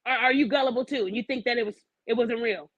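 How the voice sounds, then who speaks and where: A woman with a fairly high voice talks fast, bluntly and profanely as she hosts an opinionated podcast rant, firing pointed questions that challenge her listeners. The recording is dry and the audio sounds dull.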